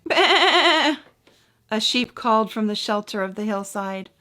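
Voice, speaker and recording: A woman minister reading a children's story aloud to her congregation with expressive, gentle delivery. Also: medium pitch, moderate pace.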